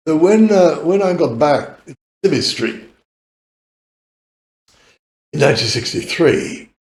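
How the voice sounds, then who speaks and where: A British podcast guest in his eighties tells rambling stories full of laughter and casual swearing. His voice is on the high side, expressive and a little mellow, at a moderate pace, and the room is echoey.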